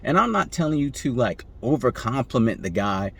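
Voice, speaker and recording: A man giving relationship advice in a casual monologue, often asking "right?" and acting out the people he quotes with sudden jumps in pitch. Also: very animated, moderate pace, gravelly, a bit bright, breathy edge.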